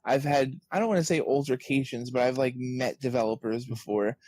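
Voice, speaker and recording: A man appears as an author on a podcast, chatting casually and acting out quoted exchanges with lots of energy as an animated storyteller. His voice is medium-pitched and fairly quick.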